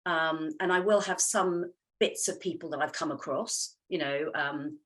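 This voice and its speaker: Low husky woman novelist. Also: a little slow, fairly bright tone. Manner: chatty, hesitant with many ums, laughs often. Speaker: novelist guest. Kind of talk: casual interview chat.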